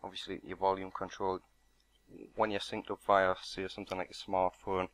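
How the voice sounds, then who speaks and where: A man's voice: low voice, monotone, moderate pace, a bit bright. A man narrating an unboxing and product walkthrough in a matter-of-fact, explanatory way. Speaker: product reviewer.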